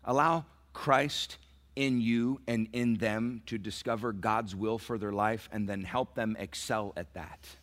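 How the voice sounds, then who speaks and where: Middle-aged pastor preaching dramatically. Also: male voice, lowish voice, fairly even intonation, measured pace. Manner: swings from soft, near-whispered lines to loud emphatic peaks; acts out quoted dialogue in a storytelling sermon. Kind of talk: sermon.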